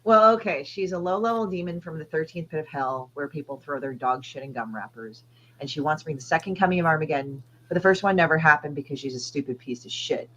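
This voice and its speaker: A woman's voice: deep voice, quick pace, a bit bright, muffled recording, slight background noise. Rambling, swearing woman comic artist. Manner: rambling, crude, hesitant fillers. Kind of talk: casual interview chat.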